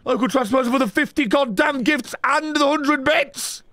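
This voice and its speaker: A man, streaming a video game live, excitable and swearing, yelling at the game. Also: very high voice, moderate pace, heavy background noise. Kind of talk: live gameplay streaming chat.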